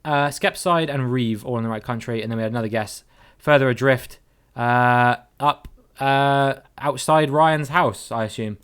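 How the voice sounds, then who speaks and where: A man's voice: medium pitch, moderate pace, fairly bright tone, clear, resonant tone. A man giving chatty, playful live-stream commentary while playing a guessing game with his viewers, greeting them by name and swearing casually.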